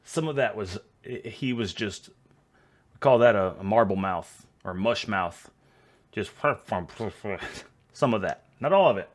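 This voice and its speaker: Speaking slowly in a lowish voice, a man with a Texan accent reacts casually to video clips. He's chatty, laughs often, and stumbles over his words.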